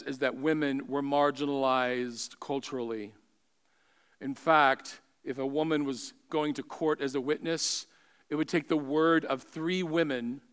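A man preaching a sermon with emphatic delivery that swings between raised exclamations and hushed asides. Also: on the high side, smooth.

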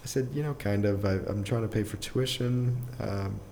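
Young adult male guest, low mellow voice, casual rambling storyteller, chuckles often. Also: normal speed, gravelly, slight background noise. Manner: rambling, filler-heavy, restarts often, chuckles through his story. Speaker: podcast guest. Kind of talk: casual personal storytelling in an interview.

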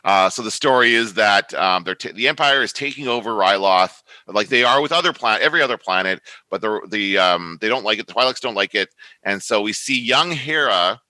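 Bright, chatty man in a dry room. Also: lowish voice, animated, brisk, dry recording, rough recording. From Canada. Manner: rambling, self-correcting, chatty. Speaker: podcast co-host. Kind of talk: casual chat.

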